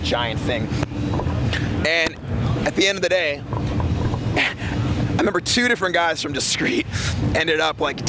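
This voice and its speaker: A young man from the San Francisco area telling a rambling, profane tour story in a laid-back, casual way, with lots of fillers. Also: on the high side. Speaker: touring metal band member. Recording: loud traffic noise outdoors.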